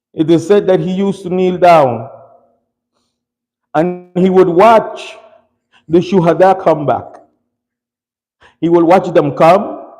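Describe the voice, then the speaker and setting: A man preaching at a mourning gathering, his voice set a little high for a man and carrying a long reverb through a mosque hall. He tells the story slowly, building in feeling as it goes. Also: warm tone. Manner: slow, rising, impassioned storytelling; opens with rapid recited Arabic formula. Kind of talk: sermon.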